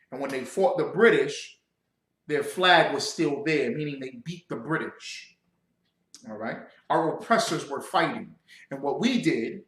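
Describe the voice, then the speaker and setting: A man preaching a livestreamed sermon as a religious teacher, emphatic, building to shouts and calling out to his audience. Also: a little high. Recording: roomy echo.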